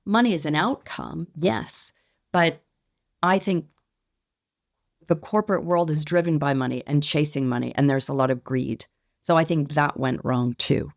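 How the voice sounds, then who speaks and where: A woman being interviewed as a company founder, speaking in a reflective, measured way and often hedging her points. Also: low voice, creaky, dry recording, clean studio sound. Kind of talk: podcast interview.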